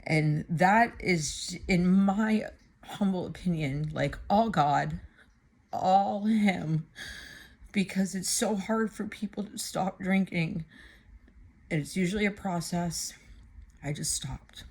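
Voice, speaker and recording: A woman in her thirties giving a personal faith testimony to her camera, speaking earnestly and haltingly with many fillers and restarts. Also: lowish voice, darkish tone. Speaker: church member giving testimony.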